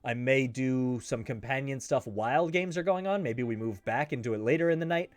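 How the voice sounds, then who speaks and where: On his own sports betting show, a man with a mid-range voice talks briskly and casually about his picks. He's emphatic, restating points to stress them, and there's no echo.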